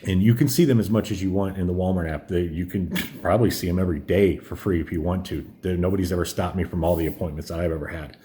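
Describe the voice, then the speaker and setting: Low, mellow-voiced man telling his story. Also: steady tone, quick pace, few pauses, slight background noise. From Indiana, US. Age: 40s. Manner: open, rambling, frequent fillers and restarts. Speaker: truck driver vlogger. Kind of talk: candid personal storytelling.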